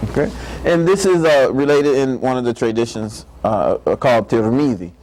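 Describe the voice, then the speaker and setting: A middle-aged man, an imam, giving a playful, animated faith-based lecture to a live audience, often repeating words as he builds a point. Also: medium pitch, moderate pace, a little hiss or hum, rough recording.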